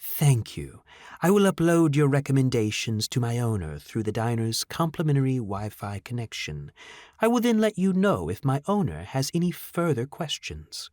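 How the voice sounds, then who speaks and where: A man voicing an eerily calm humanoid robot. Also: medium pitch, dry recording, studio quality, natural voice. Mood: eerily polite. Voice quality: smooth, impeccably humanlike, too calm and soothing. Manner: slow, courteous, formal.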